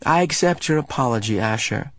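A man voicing a gentle, troubled preteen boy who speaks carefully, in an audiobook reading. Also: fairly high pitch, big pitch swings, a little slow, dry recording, studio quality, voice pushed up, heavily acted. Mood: earnest. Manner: careful and soft-spoken.

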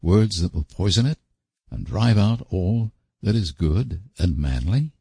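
A man voicing a gentle, kind young woman who talks to a child patiently in a storybook reading. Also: low-pitched, expressive, unhurried, husky, no room sound, full character voice. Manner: soft, patient, coaxing.

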